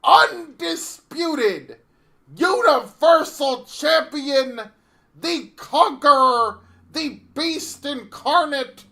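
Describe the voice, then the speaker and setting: A man doing an impression of a grandiose wrestling advocate, announcing in slow, emphatic, loud phrases. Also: very high-pitched, expressive, vocal fry, voice pushed up, full character voice.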